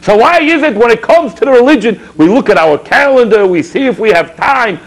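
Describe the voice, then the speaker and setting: Over a rough recording, a high-voiced man speaks a little fast and barely pauses. He's a rabbi on public access TV, animatedly preaching to viewers with rhetorical questions, exhortation and storytelling asides.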